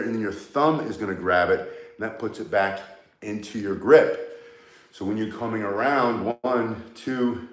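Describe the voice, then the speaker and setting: A man's voice: on the low side, reverberant. A man teaching a staff-spinning lesson, coaching step by step and getting out of breath as he works out with the staff. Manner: coaching, talks while moving. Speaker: martial arts instructor. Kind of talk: demonstration tutorial.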